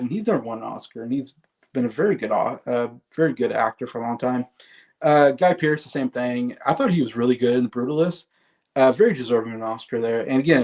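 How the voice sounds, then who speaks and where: A man's voice: medium pitch, darkish tone. A man giving a casual solo commentary on movie awards, chatty, with frequent fillers and laughs.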